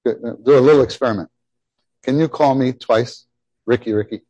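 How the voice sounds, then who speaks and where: A middle-aged man preaching a sermon, animated and emphatic, often repeating his phrases. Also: medium pitch, normal speed, dry recording. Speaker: pastor.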